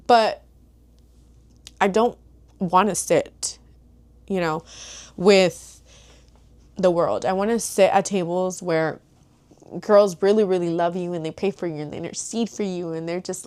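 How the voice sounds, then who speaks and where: A woman's voice: on the low side, clean tone. A young woman vlogging casually to her viewers, chatty and rambling, with many fillers like "like" and "you know". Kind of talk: casual chat to camera.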